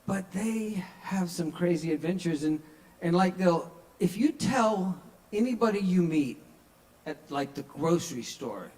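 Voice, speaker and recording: A man with a slightly high voice works through a stand-up set at a small-bar open mic. He tells loose, conversational stories and slips into the voices of the people he quotes. He is younger than forty-five. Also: expressive, unhurried, darkish tone, poor audio. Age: under 45.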